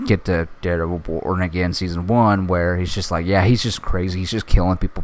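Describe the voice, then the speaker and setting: A man hosting a casual solo podcast, reviewing a TV show in an excitable way, swearing often and full of fillers. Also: low voice, a little fast, few pauses. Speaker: podcast host.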